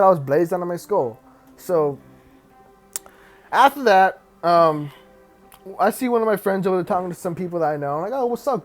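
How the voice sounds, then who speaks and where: A young man casually telling a story time, rambling with lots of fillers, restarts and laughs. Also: high voice.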